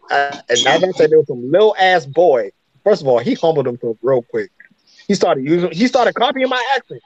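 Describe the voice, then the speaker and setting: Blunt, profane and opinionated, this African man chats casually as a podcast co-host in a slightly high voice. There's no room sound, though the audio is muffled and carries faint noise.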